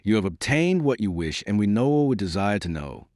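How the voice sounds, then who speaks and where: A man reading the lines of a haughty, disdainful queen in an audiobook, in a lively voice. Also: on the low side, a little fast, no room sound, clean studio sound. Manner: disdainful, imperious. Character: haughty proud queen, a grown woman.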